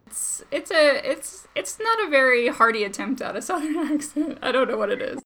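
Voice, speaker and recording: A woman's voice: high-pitched, expressive, moderate pace, fairly bright tone. A woman speaking as a guest commentator in casual chat, chatty and full of fillers and laughs.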